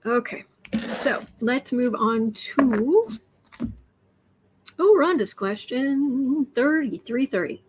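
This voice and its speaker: A woman hosts a casual tarot livestream from indoors, her high-pitched, animated voice slow and breathy-edged with frequent pauses, over poor audio. She chats loosely, restarting often and repeating words while reading viewer comments aloud.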